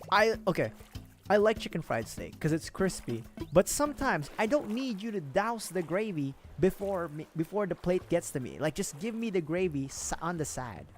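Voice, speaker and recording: A young man streaming, chatting casually and rambling, with frequent laughs. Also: fairly high pitch. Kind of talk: casual livestream chat.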